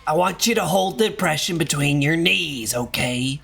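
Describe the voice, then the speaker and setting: A man's voice: a little high, moderate pace, gravelly, fairly bright tone, slightly rough, soft background music, full character voice. A man doing a drawling menacing movie tough guy. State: hoarse.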